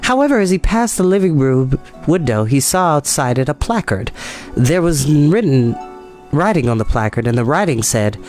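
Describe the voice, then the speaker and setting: A man reading a children's book aloud, in a lively way with chatty asides. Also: fairly high pitch, moderate pace, faint music behind. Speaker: storyteller.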